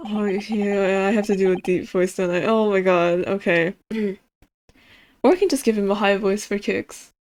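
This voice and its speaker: A woman giving casual, excitable game commentary as she plays, swearing and laughing often. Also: medium pitch, normal speed. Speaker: streamer.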